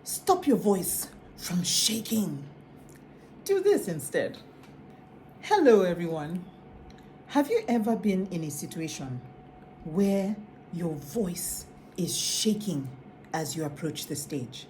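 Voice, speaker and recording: A woman coaching on public speaking, guiding listeners in an instructional video with a deliberate delivery. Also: lowish voice, big pitch swings, darkish tone, slight background noise.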